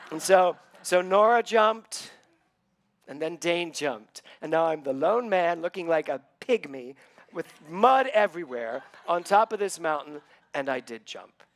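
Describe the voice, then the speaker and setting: A middle-aged man, a minister, telling a personal story in a sermon, acting out what others said with lively ups and downs. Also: a little high, moderate pace. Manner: animated storytelling, acting out quoted voices.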